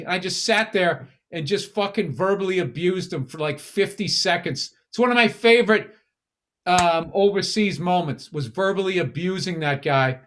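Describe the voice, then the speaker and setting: A middle-aged man with a Boston accent who talks in a fairly high register. He co-hosts a casual podcast, and his stories are profane and heated. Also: moderate pace, a bit bright. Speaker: podcast co-host. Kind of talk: casual chat.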